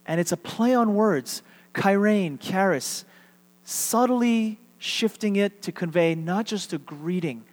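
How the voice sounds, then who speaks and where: This Texan pastor's voice is high-pitched and somewhat dark in tone, with lively intonation and a slow pace. Preaching conversationally, he leads his congregation through call-and-response, his words echoing around the church sanctuary's reverberant hall.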